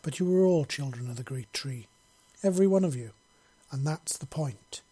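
A man reading an audiobook, voicing a steady male clan patriarch who speaks in a measured, persuasive way. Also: medium pitch, breathy edge, close to an everyday voice.

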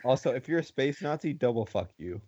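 A man co-hosting a podcast in casual chat, excitable and emphatic in his reactions. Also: medium pitch, fairly quick, lo-fi sound. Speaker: podcast co-host.

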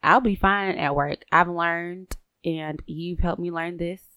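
A woman's voice: fairly low pitch, steady tone, slow pace, sharp tone, clear, resonant tone. A woman co-hosting a casual chat, talkative and asking questions, laughing often.

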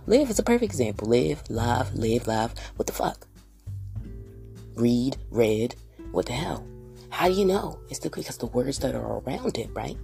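A woman with a strikingly deep, gravelly voice rambles through a solo podcast monologue. She swears freely and keeps firing off rhetorical questions, while faint guitar music plays underneath. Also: warm tone. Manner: profane, restless, asks rhetorical questions. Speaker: podcast host.

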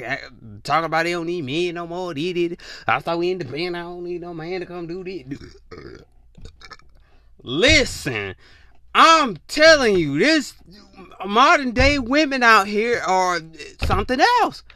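Brief: male podcast host on a solo rant, high and bright voice, profane and animated, close dry mic. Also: no room sound. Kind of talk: casual opinion rant.

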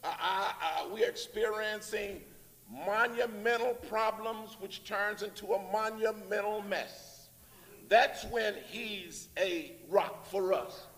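High-voiced preacher echoing in a church. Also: male voice, takes it slowly, a bit bright. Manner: call-and-response preaching, rising emphatic phrases. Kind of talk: sermon. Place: church sanctuary. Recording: long reverb in a church hall.

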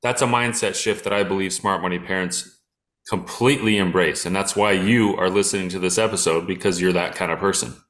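Man, podcast co-host, low voice, conversational, chimes in agreeably. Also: fairly even intonation, a little fast, a bit bright. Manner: conversational, lists examples, agreeable interjections. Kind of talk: casual chat.

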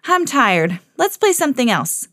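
A woman's voice: high-pitched, very animated, normal speed, a bit bright, no echo, pitched above the performer's own voice. An eager young cat , voiced by a woman reading aloud, chirps in a raised, bouncy voice. The sound is close and dry, like a reading at home.

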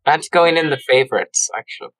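A woman's voice: rumbling low, a little fast, soft background music, poor audio. A woman co-hosting a podcast in casual chat, wry and teasing. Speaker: podcast co-host.

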